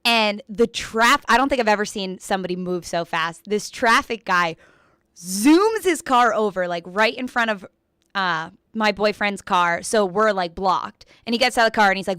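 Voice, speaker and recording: A young woman co-hosting a radio show, telling a ranting story in a casual, animated way full of "like", often laughing. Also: mid-range voice, normal speed, smooth, no room sound, studio quality. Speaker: radio co-host.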